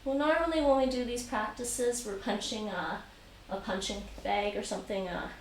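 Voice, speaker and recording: A woman's voice: a little high, fairly even intonation, normal speed. A woman teaching taekwondo on a live stream, patiently repeating instructions and counting reps aloud. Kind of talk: live-streamed home exercise lesson. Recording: roomy echo, distant mic, faint noise.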